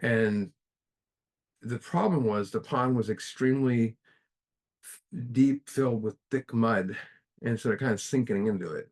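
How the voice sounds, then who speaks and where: A middle-aged man giving a casual spiritual talk at a study group, halting and filling pauses with "you know" as he tells a parable. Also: medium pitch, darkish tone. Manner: halting, with restarts and many fillers.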